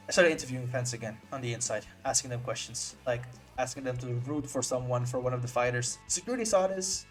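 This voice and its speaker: A young man, a native Dutch speaker, tells a story in a brash, boastful, lively vlog style with some swearing. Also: mid-range voice, fast, faint music behind. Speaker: vlogger.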